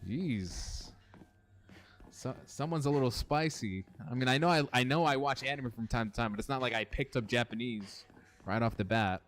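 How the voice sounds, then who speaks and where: A young man streams a horror game with casual let's-play commentary, swearing and responding to his chat. His mid-range voice moves at a moderate pace and sounds a bit bright, with slight background noise.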